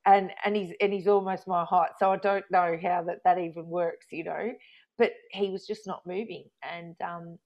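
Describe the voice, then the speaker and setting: A woman tells a personal story in loose, rambling conversation. Her voice sits low with a gravelly fry. The recording sounds dull and lo-fi. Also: moderate pace. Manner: rambling, animated when recounting arguments. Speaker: guest telling a life story.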